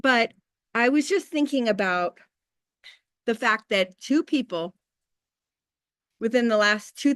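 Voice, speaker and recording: A woman in her thirties talks to her team in a casual, motivational way, candid and full of quick asides. Her voice sits fairly high. The sound is close and dry, with no room around it. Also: fairly bright tone, no room sound. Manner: chatty and candid, with faith talk and quick asides. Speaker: team leader hosting a business call.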